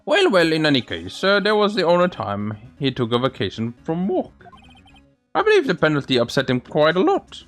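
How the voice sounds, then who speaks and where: A man's voice: fairly high pitch, wildly swooping pitch, normal speed, a bit bright. A man voicing an old man who talks in an old-fashioned way, calling people my dear and me boy, over faint game music. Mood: earnest.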